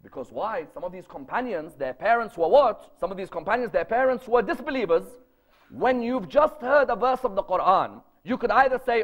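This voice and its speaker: A man preaches at a lecture gathering, his voice high-pitched and fairly bright as he speaks animatedly and fairly quickly. The religious lecture is emphatic and story-driven, filled with rhetorical questions aimed at the live audience.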